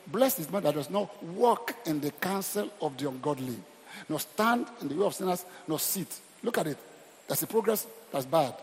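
Animated Nigerian preacher in reverberant church. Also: male voice, on the high side, slight background noise. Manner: animated and emphatic, repeats phrases, asks the crowd questions. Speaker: pastor. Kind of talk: sermon. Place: church hall.

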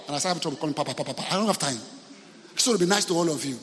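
Nigerian pastor preaching in a reverberant church. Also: male voice, a little high, lively intonation, rapid-fire, fairly bright tone. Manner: storytelling, humorous, asks the congregation questions. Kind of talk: sermon.

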